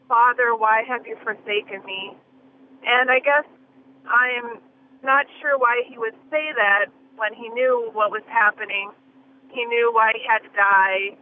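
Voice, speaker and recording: Female caller, hesitant and polite, tinny phone line with faint hiss. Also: fairly high pitch. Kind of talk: phone-in question.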